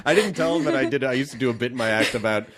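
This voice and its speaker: A man's voice: mid-range voice, rapid-fire, a bit bright. Playful jokey male podcast host. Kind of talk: casual podcast chat and ad reads.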